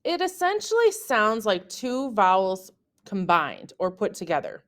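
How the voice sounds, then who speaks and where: Slow, careful woman teaching a lesson. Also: medium pitch, sing-song. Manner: slow, careful, spells out example words. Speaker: French teacher. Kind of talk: scripted lesson narration.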